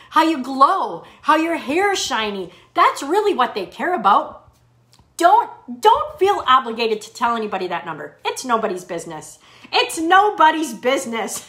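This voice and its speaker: A woman's voice: high voice, bright, forceful tone. A middle-aged woman fitness coach reading viewer comments in a live chat, upbeat and encouraging, often repeating her key phrases.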